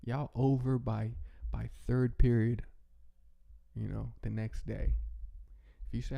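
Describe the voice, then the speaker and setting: A man hosting a casual, rambling monologue, talking in a relaxed way with many restarts. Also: medium pitch, normal speed, vocal fry, lo-fi sound. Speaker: host.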